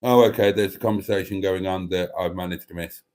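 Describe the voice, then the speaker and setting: A man's voice: deep voice, steady tone, a little fast, a little mellow. A middle-aged man hosting a live stream, chatting casually and rambling as he reads out viewer comments, a bit congested. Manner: rambling, self-interrupting and chatty.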